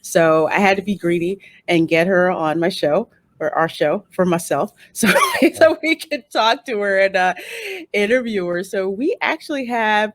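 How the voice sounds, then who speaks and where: A woman hosts a casual interview show, her pitch leaping around with bubbly energy and frequent laughter. Her voice is dry and close, with no room sound. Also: animated, normal speed, no room sound. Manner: bubbly, laughs often, many restarts. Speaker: host. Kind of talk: casual chat.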